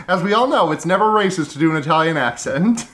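A man's voice: on the high side, lively intonation, normal speed, a bit bright. A man co-hosting a casual comedy podcast, rambling, restarting his sentences and laughing easily. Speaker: podcast co-host.

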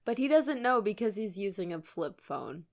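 A woman's voice: mid-range voice, sing-song, creaky. A woman co-hosting a casual chat, playful and laughing often. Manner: giggly, unhurried, playful. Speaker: podcast co-host.

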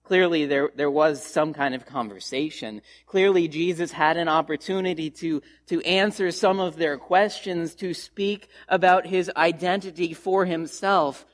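A male pastor delivering a sermon in a slow, measured way, pausing often and asking rhetorical questions. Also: a little high.

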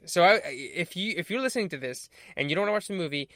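A man's voice: high-pitched, expressive, quick pace, a bit bright, no room sound, studio quality. A man co-hosting a casual movie review podcast, rambling with hesitant fillers and restarts. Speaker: podcast co-host.

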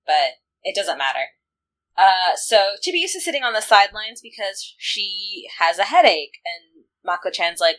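A woman's voice: mid-range voice, very animated, moderate pace, fairly bright tone, low-quality recording. A woman co-hosting a podcast, chatting casually with lots of "like" fillers and frequent laughter. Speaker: podcast co-host. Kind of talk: casual podcast chat recapping an anime.

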